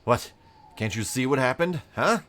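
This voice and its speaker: A man voicing a drugged, desperate sea captain who speaks in halting, broken bursts of rage. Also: mid-range voice, lively intonation, a bit bright, pitched above the performer's own voice, close to an everyday voice. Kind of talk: game character voicing.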